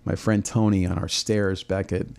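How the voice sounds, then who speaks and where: Low gravelly man talking earnestly. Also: little pitch movement, moderate pace, darkish tone. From Southern California. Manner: earnest, repeats words, rising intensity. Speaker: pastor. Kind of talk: personal reflection talk.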